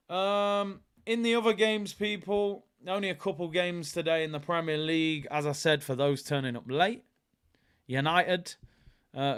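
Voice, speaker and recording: A man hosts a live football watchalong in a chatty, upbeat way. His voice sits a little higher than most men's. He reads out viewer comments and gives them shout-outs between his match analysis. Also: clean tone.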